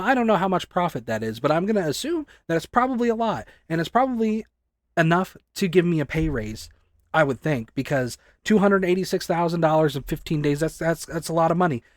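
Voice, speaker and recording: A man in his twenties, a store clerk, ranting angrily and swearing a lot, often rising close to a shout. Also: a little high, dry recording. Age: 20s. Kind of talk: angry rant to camera.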